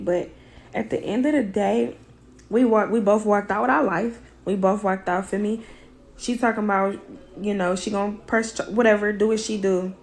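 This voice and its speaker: Woman, hoarse worn-out voice, gravelly, mid-pitched, blunt and profane, casual storytelling. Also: a little mellow. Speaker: woman recounting a fight; mother.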